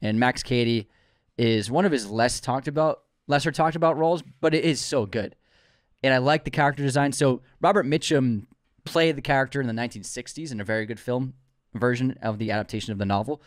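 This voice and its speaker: A man's voice: medium pitch, brisk, no room sound, clean studio sound. Enthusiastic teasing male podcast co-host. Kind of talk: casual chat.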